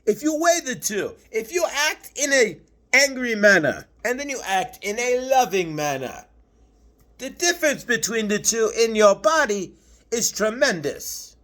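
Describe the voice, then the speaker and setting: A man's voice: extremely high pitch, sing-song, measured pace, fairly bright tone, heavily acted. A man channeling a patient, preachy male spirit master, lecturing through earnest rhetorical questions. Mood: earnest, urging.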